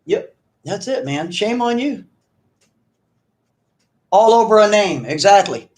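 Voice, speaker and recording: A man hosting an online video, ranting at an absent rival in an accusing, mocking way and repeating himself often. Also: high voice. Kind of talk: confrontational livestream rant.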